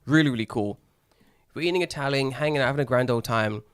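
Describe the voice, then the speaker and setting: Animated British man telling a story. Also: medium pitch, fast, clean tone, no echo, clean studio sound. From Britain. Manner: animated, swears a lot, acts out other people's lines. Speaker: podcast co-host. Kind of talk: casual chat, storytelling.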